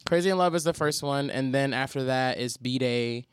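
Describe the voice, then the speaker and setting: A teacher chatting on a podcast, animated and profane, acting out quotes in dramatic voices. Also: medium pitch, moderate pace, smooth, dry recording, clean studio sound. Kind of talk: casual podcast chat.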